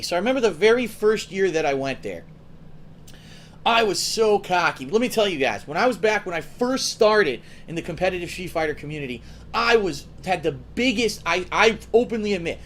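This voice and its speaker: A man with a fairly high voice tells stories to his viewers in a loose, rambling way, swearing freely and putting on his friends' voices. He is a gaming show host chatting casually. A faint hiss sits under the recording. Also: fairly bright tone.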